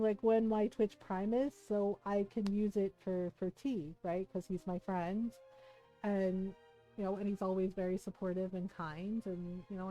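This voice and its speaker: A woman's voice: mid-range voice, warm tone. A middle-aged woman streamer chatting casually while gaming, laughing often and swearing freely.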